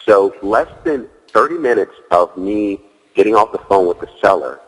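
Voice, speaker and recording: Man, very low voice, casual storytelling guest, lots of "you know", echoey hall reverb. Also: expressive, normal speed, breathy edge. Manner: leans heavily on "you know", acts out his own dialogue. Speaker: guest, real estate wholesaler.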